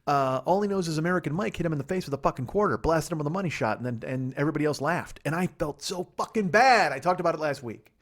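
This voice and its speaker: A middle-aged man from Chicago rattles through a solo podcast monologue at a fast clip, swearing freely and poking fun at himself. He talks into a laptop microphone in a living room, holding back yawns between runs of talk. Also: on the high side, expressive, a bit bright. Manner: rambling, profane, self-mocking, rushes without pausing. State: stifling yawns. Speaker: podcast host.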